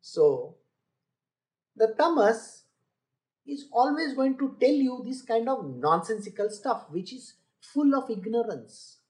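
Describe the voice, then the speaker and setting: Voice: medium pitch, sing-song, takes it slowly, darkish tone. Spiritual teacher lecturing with pointed rhetorical questions. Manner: mocks boastful people by quoting them. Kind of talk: scripture exposition lecture.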